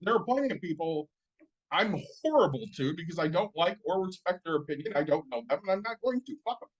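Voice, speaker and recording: A man co-hosting a casual podcast. His speaking voice sits a little high. He is frank and reflective, and he swears casually while he talks things through. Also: lively intonation, fast, dull audio. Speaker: podcast co-host.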